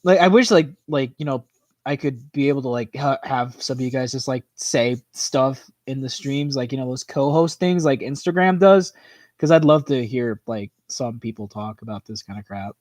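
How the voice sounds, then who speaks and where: A man hosting a livestream in a casual, rambling chat, filling his talk with "like" and "you know" as his voice tires and goes hoarse. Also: mid-range voice, darkish tone, dry recording, studio quality. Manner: rambling, full of "like" and "you know", quick laughs. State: voice tiring and hoarse. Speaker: livestream host. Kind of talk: casual chat reacting to viewer comments.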